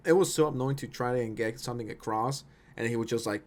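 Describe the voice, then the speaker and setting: A man's voice: medium pitch, animated, quick pace. A man casually reacting to old clips of himself, laughing, mocking and swearing freely.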